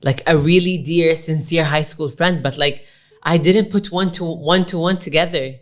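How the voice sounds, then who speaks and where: A woman co-hosting a podcast, telling a long story in animated casual chat and switching between English and Arabic. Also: sits low, normal speed. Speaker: podcast co-host.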